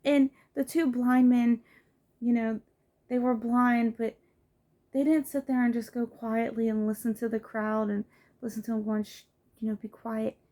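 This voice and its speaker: A woman gives a casual home devotional, earnest and conversational. Her voice sits a little high, and her talk is loose, with fillers and quick restarts. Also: little pitch movement, dark tone. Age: adult with children. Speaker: lay preacher.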